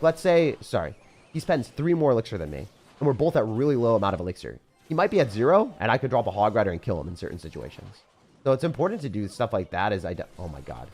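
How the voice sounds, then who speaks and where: A young man giving live gameplay commentary as a YouTuber, excitable and dramatic, swinging between outbursts and self-pity. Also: lowish voice. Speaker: gaming YouTuber.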